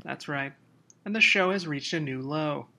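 A man's voice: fairly high pitch, normal speed, creaky, heavy background noise. A man co-hosting a podcast in casual chat, laughing often as he runs through loose, joking plugs. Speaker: podcast co-host.

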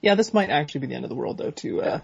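Dry, deadpan man on a husky, dull remote line. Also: a little high, very fast. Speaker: podcast co-host. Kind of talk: casual comedic podcast chat. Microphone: remote call.

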